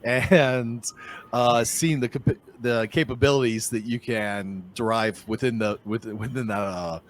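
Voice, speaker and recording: Man, Boston accent, podcast host, upbeat, chatty, middle pitch. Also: unhurried. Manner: upbeat, chatty, repeats phrases. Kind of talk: casual interview.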